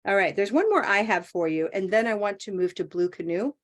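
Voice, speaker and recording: A woman teaching an English pronunciation class over a video call, modeling phrases slowly and praising her students. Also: mid-range voice, animated. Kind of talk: online class coaching.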